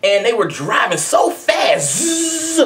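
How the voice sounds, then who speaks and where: A woman's voice: on the high side, sing-song, slow, fairly bright tone, faint music behind. A woman giving a blunt, conversational commentary rant to camera as a video blogger.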